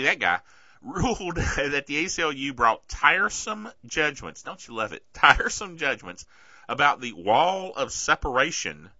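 A man hosting a podcast in a casual, sarcastic tech-news chat, bothered by a sore throat and clearing it often. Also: on the high side, sharp tone, no room sound. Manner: chatty, sarcastic, keeps asking "okay?". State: throat trouble, keeps clearing his throat. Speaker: podcast host. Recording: dull lo-fi dry recording.

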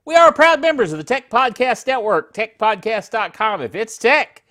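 A man's voice: very high voice, very animated, moderate pace, sharp tone. A middle-aged man hosting a casual tech podcast from his living room, jokey and rambling, tripping over words and laughing at himself.

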